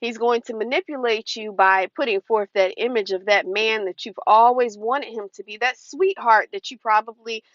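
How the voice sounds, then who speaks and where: A woman's voice: on the high side, normal speed, few pauses, no echo. A woman giving casual, earnest advice to camera, warning viewers and acting out quoted lines. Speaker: advice vlogger. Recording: dull, dry lo-fi recording.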